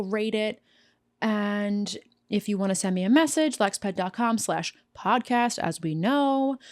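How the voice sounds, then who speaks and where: A woman's voice: fairly high pitch, a little mellow. Woman, podcast host, casual solo monologue, rambling, frank, talking from home. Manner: rambling, self-correcting, frank and profane. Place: snowed-in home.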